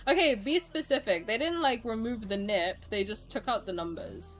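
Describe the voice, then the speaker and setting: A woman streamer casually chatting with her viewers and reacting to their comments. She is excitable, swears freely and laughs often. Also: a little high, moderate pace, soft background music.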